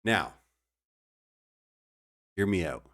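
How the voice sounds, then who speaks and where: A young man talks through a card game for his live chat in a low, unhurried voice. He jokes with viewers as he plays. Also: expressive, a bit bright. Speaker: streamer. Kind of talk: casual gameplay commentary.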